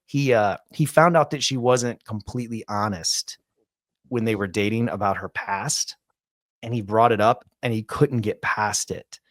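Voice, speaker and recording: A man in his forties hosting a podcast, telling a long story in a rambling, animated, casual way. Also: on the low side, moderate pace, dry recording, clean studio sound. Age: 40s. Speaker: podcast host.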